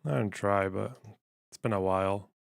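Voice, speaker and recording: A man with a mild, softened Scottish accent, a streamer chatting casually and swearing as he thinks aloud. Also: fairly low pitch, fairly even intonation, normal speed, gravelly. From Scotland. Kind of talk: casual live-stream commentary.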